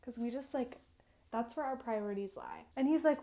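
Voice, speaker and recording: A woman's voice: on the high side, moderate pace, warm tone. A woman in her twenties, chatty, retelling a visual novel's story and filling her speech with "like". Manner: chatty, peppered with "like", acts out lines. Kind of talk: casual game recap vlog.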